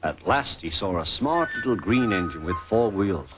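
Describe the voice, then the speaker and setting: A man narrating a storybook in an expressive way. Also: sits low, moderate pace, heavy background noise. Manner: expressive, animated. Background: music.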